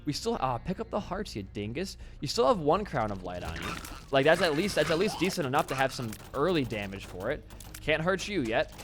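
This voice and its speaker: A young man casually commentating his own gameplay, excitable and swearing freely as he talks at the game. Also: on the high side, fairly quick, noisy background. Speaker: gaming channel host.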